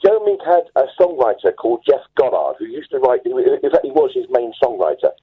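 A man's voice: medium pitch, very animated, fairly quick, slightly rough. Rambling male caller on a tinny phone line. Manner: enthusiastic, rambling, self-assured. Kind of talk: phone-in storytelling. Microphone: telephone.

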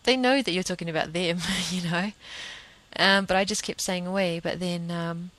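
A woman's voice: fairly low pitch, normal speed, fairly bright tone, no echo, rough recording. A woman, hosting a solo podcast in an earnest, emphatic, rambling way. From New Zealand. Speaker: podcast host.

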